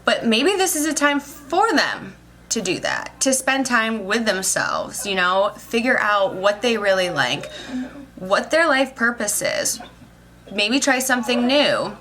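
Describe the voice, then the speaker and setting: A woman's voice: on the high side, very animated, measured pace, fairly bright tone. A young woman talking about her day in a casual, emotional vlog, rambling and saying "like" a lot. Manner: emotional, rambling, says "like" constantly. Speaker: vlogger, social worker.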